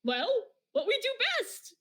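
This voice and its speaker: A woman voicing a manic, scatterbrained male clown villain in a tabletop game, in a shrill sing-song voice. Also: very animated, unhurried, fairly bright tone, exaggerated voice. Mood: gleeful.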